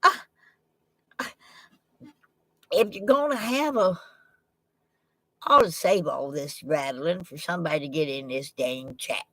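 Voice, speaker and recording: Woman, folksy rambling live-stream chat, unhurried, dry close sound. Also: low voice, expressive, no echo. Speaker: livestream host. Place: at home with a laptop. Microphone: laptop microphone.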